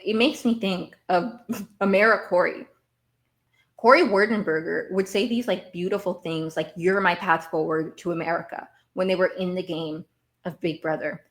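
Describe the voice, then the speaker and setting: A woman with a slightly low voice talks through a TV episode as a podcast host. She rambles in a casual, animated way and repeats words as she works out her point. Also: moderate pace. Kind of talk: casual TV recap.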